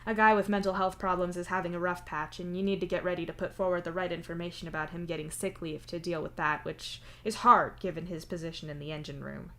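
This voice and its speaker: A woman reading a fan story aloud in the second person, steady and even. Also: lowish voice, fast talker, hardly any pauses, a little hiss or hum. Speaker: fanfiction reader. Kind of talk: audiobook-style story reading.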